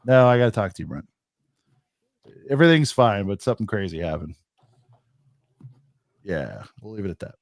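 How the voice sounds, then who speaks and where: A man's voice: lowish voice, big pitch swings, moderate pace, creaky, long pauses, no room sound, studio quality. A man co-hosting a casual podcast, talking in a rambling, jokey, self-deprecating way. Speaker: podcast co-host. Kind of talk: casual chat.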